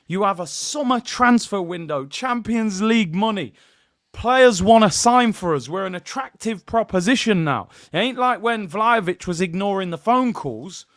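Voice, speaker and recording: High-voiced exasperated man ranting. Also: normal speed. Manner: animated, exasperated rant addressing viewers as people. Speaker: football channel host. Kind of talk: live stream talk to chat.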